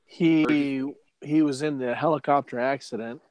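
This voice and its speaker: A man's voice: medium pitch, fairly even intonation, a little slow, a little mellow, muffled recording. A man playing on a tabletop game podcast, making goofy jokes and stumbling over restarts. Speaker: podcast player. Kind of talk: casual banter among friends.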